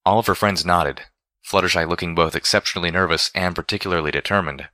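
Male story reader, very low pitch, bright forward tone, steady storytelling. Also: quick pace, no echo, studio quality. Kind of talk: fan fiction read aloud.

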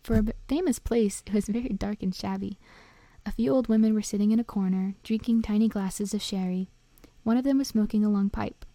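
A woman reading a storybook aloud in a gentle, steady, often half-whispered way, close to the mic. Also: mid-range voice, fairly quick, no room sound. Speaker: narrator.

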